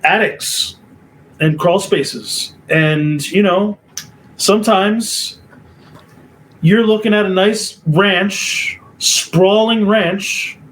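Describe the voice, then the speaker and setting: A man on a podcast, chatting casually in a slow, measured, relaxed way. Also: high-pitched, low-quality recording.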